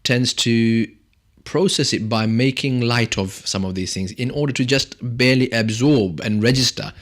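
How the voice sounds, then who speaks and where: A man's voice: mid-range voice, moderate pace. A man hosting a radio talk show from a studio, chatting in a jokey, rambling way and laughing often. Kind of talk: casual radio chat.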